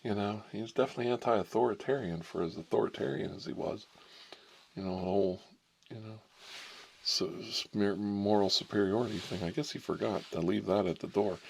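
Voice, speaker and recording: A man from Ohio hosts a comic ASMR role-play in the part of an examining doctor. His voice sits low and gravelly, and he wanders from story to story in an irreverent, chatty way. A faint hiss runs under the recording. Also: fairly quick, darkish tone. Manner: rambling, irreverent storyteller who digresses and laughs at his own jokes. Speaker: channel host playing an examining doctor. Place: indoors, smoking a cigarette.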